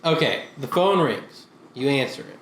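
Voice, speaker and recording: A man's voice: sing-song, normal speed, fairly bright tone. A man co-hosting a casual podcast chat, laid-back and stoned, telling stories and calling his friend bro. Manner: laid-back storyteller, says bro and dude, high. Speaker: podcast co-host. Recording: echoey room with faint noise.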